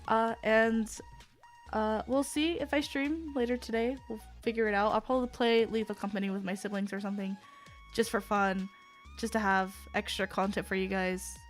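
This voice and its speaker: Sick-voiced woman streamer, rather high. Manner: rambling, apologetic, with sighs and groans. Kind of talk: casual live-stream chat.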